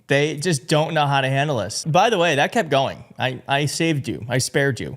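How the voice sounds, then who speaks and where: A man hosting a political commentary show, talking in a conversational, indignant way. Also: a little high. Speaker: show host.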